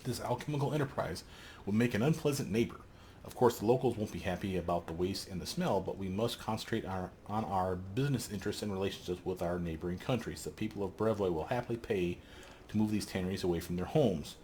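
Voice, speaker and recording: A man's voice: deep voice, fast talker, darkish tone, slight background noise, close to an everyday voice. A man reading aloud a regent's formal advice from a game, in a fairly plain voice. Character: regent advising a ruler.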